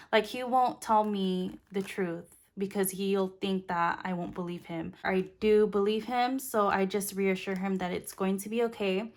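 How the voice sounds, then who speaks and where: A young woman vlogger telling a spooky story in a soft, unhurried way while counting cash into a budget binder. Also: medium pitch.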